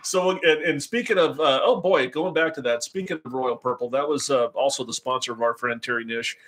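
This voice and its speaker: A man's voice: medium pitch, fairly quick, a bit bright, breathy edge. An older man hosting a casual live racing stream, joking and rambling with crude asides. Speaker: host.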